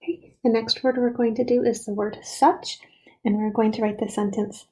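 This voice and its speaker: A woman's voice: fairly high pitch, fairly even intonation, moderate pace, darkish tone, rough recording. A woman teacher leading a recorded writing lesson for young children, patiently sounding out each word and letter.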